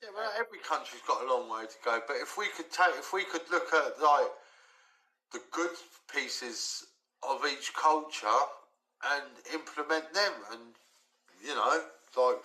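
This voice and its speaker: A man's voice: fairly high pitch, animated, unhurried, bright, forceful tone, poor audio. A middle-aged man from Britain chatting casually as host of a live talk stream, telling stories with a laugh.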